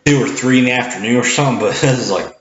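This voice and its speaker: A cashier in a casual vlog talks very fast in a loud, projecting, medium-pitched voice, rambling with many restarts and acting out the greetings he gives customers. He sits back from the camera in an indoor room, and the camera mic picks up echo, dull lo-fi sound, and faint noise.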